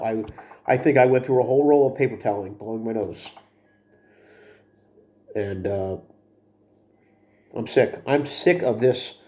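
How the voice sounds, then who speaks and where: Brief: middle-aged man, vlogger, mellow voice, rambling and self-critical. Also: medium pitch. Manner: restarts and repeats words. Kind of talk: confessional video diary.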